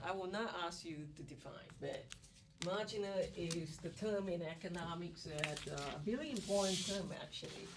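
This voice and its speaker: A woman instructor giving an economics lecture in a classroom, animated and repeating key words as she coaxes her students. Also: lowish voice, normal speed. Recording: distant classroom recording with background noise.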